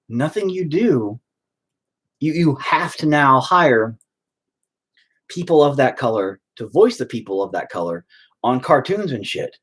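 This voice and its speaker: A man ranting in a rambling, stop-start monologue, swearing freely. His voice is husky and very animated, rising and dipping as he goes. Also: fairly high pitch. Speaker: vlogger.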